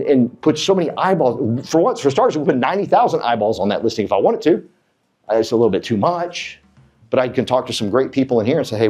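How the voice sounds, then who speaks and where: A man's voice: mid-range voice, slightly rough. A middle-aged man giving a motivational talk to real estate agents, quizzing the crowd and telling stories. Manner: animated, asks the crowd, tells stories with acted quotes. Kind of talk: motivational presentation to a live room.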